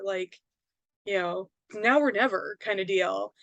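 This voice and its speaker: A woman's voice: mid-range voice, measured pace, vocal fry, dry recording. Dry-sounding woman telling a rambling story. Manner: rambling, many fillers and tag questions. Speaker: psychic medium and author, guest. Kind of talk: casual personal storytelling.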